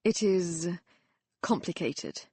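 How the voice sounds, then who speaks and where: Woman voicing a terse, guarded young gentleman. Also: lowish voice, animated, slow pace, husky, dry recording, heavily acted.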